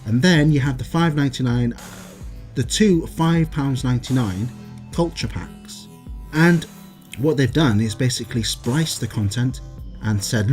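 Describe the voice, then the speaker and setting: An exasperated man from England rants about a game company in a casual, sarcastic way, trailing off into sighs and muttered asides. His voice sits at an ordinary pitch for a man, recorded on a desktop mic with faint music playing underneath. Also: a little slow, a little mellow. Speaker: gaming video creator. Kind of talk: casual gaming rant.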